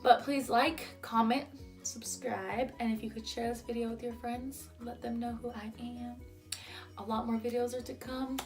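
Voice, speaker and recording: A woman's voice: on the high side, little pitch movement, normal speed, over music. Chatty young woman telling a storytime. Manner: chatty, lots of "like", acts out quotes. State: a little tipsy. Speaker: vlogger. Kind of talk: storytime vlog, casual chat.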